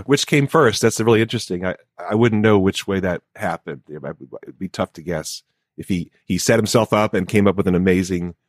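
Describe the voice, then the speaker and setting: Low-voiced male co-host, thoughtful and easygoing, dry studio sound. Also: no room sound. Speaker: podcast co-host. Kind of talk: casual podcast discussion.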